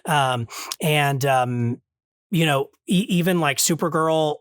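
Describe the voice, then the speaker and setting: Higher-voiced man, dry podcast sound. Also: takes it slowly, smooth, no room sound. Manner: earnest, thinking aloud with frequent restarts. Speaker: podcast host. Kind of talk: casual review chat.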